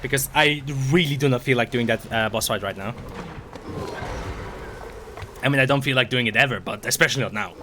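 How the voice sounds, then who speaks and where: Hoarse, profane young game streamer. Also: male voice, mid-range voice, brisk, pauses often. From Sweden. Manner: excitable, profane, rambling. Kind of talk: casual gameplay commentary. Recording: stream mic with game noise behind. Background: game sounds.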